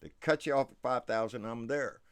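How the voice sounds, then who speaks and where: A man hosting a casual livestream, talking excitably with frequent swearing and stumbling restarts. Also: medium pitch, a little fast, smooth. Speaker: livestream host. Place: South Texas.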